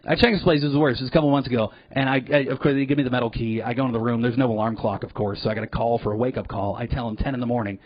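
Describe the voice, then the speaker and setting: A man working a comedy club stage, talking in an average-pitched voice that swings between loose storytelling and sudden loud outbursts, with plenty of swearing. The live recording sounds dull and lo-fi, as if picked up from a stage mic. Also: rapid-fire, hardly any pauses, no room sound. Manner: profane, animated, jumps into loud put-on voices. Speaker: stand-up comedian. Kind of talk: live stand-up routine.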